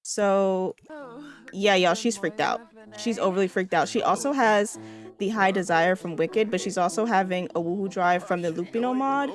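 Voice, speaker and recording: A woman's voice: mid-range voice, normal speed, soft background music. A young woman giving casual gameplay commentary, chatty and laughing often as she talks to her viewers. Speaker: gaming video creator.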